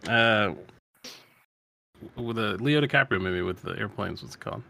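A man's voice: on the low side, normal speed, vocal fry, sharp tone. A man co-hosting a casual sports talk show, joking and riffing in long comic lists. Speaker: podcast co-host.

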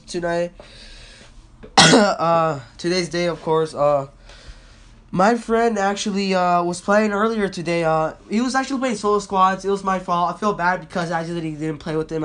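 Teenage boy, sick, coughing, slightly high voice, rambling, swearing, casual podcast host. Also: fairly bright tone. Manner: rambling, profane, filler-heavy.

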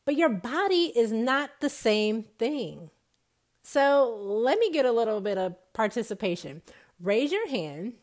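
A woman's voice: on the high side, very animated, a little slow. A woman giving an emphatic motivational talk to an audience, repeating her points for effect. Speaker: speaker on nutrition.

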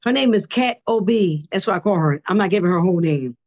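A woman guest on a podcast, telling her story in a casual, animated way, acting out conversations and repeating words when excited. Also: mid-range voice, fast talker.

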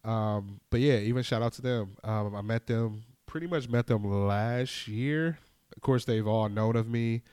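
Young man, podcast host, candid casual monologue, swears freely, middle pitch, dry close sound. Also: unhurried, smooth, dry recording. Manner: candid, storytelling with animated acted-out quotes and swearing.

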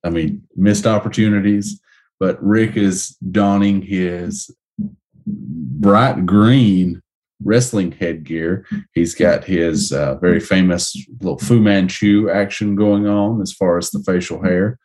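A man hosting a casual podcast, reviewing action figures in a relaxed way with many ums. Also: deep voice, slow pace. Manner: relaxed, descriptive, hesitant with ums. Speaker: podcast host.

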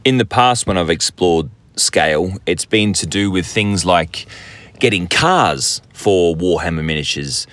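A man's voice: low voice, lively intonation, a little slow, fairly bright tone, dry recording. An Australian man hosting a hobby podcast, rambling and joking in a casual, self-deprecating way. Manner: rambling, jokey, self-deprecating, many fillers and restarts. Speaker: podcast host.

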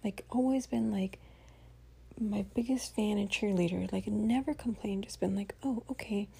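A woman's voice: mid-range voice, moderate pace, gravelly, dark tone, breathy edge. A tired woman hosting a podcast as a casual spoken diary, venting in a chatty way with many fillers and some swearing. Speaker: podcast host. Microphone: home voice recording.

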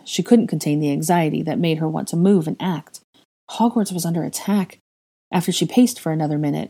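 A woman narrating a fan fiction audiobook in a steady, even storytelling manner. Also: deep voice.

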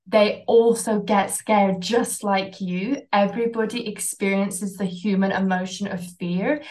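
A woman's voice: mid-range voice, poor audio. A woman guest on a coaching podcast, telling her own story candidly, swearing casually and using lots of "like" fillers.

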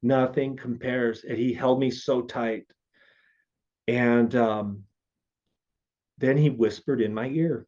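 A man's voice: mid-range voice, steady tone, takes it slowly, pauses often, darkish tone. A man earnestly and emotionally telling his personal faith testimony as a guest. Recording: dull lo-fi audio.

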